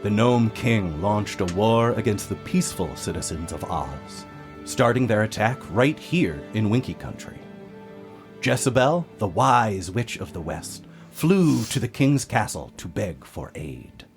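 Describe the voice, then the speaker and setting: A man running a tabletop game as game master, lively as he narrates scenes. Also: fairly low pitch, unhurried, over music.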